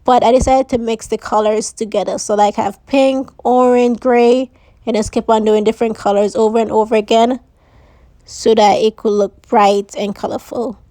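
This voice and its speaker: A woman's voice: a little high, steady tone, normal speed, warm tone, no echo. A woman hosting a DIY craft tutorial, chatting casually and saying she is losing her voice. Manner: chatty, uses "like" and "so yeah". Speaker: DIY crafts channel host.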